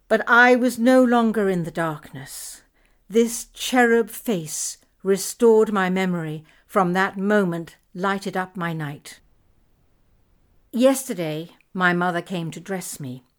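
A woman reading a story told in letters aloud, expressive and measured. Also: mid-range voice. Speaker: audiobook reader. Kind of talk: scripted narration of letters.

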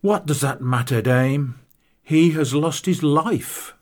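A man reading an audiobook voices a composed army captain in a measured, sober way. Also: a little high, voice pushed up. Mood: grave. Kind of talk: audiobook character voice.

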